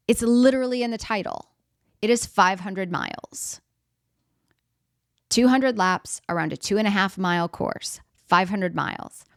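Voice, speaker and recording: A middle-aged woman speaks from the stage with a smooth, clear voice, recorded close and dry. She keeps it conversational, playing out little everyday scenes and asking the audience questions as she goes. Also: mid-range voice, dry recording. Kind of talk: motivational stage talk.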